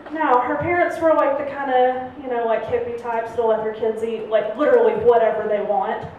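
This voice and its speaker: A young adult woman telling a funny personal story on stage at a live storytelling night, animated and laughing often, jumping her voice up high to act out the people in it. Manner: animated, acts out voices with big pitch jumps, laughs often. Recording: roomy live venue, heard from a distance, faint room noise.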